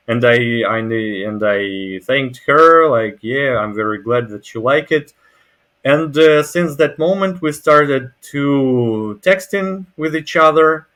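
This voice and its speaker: A man's voice: mid-range voice, fairly bright tone. Hesitant Russian-accented man. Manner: hesitant, many fillers and restarts. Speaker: language exchange partner. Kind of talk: casual conversation. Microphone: video call.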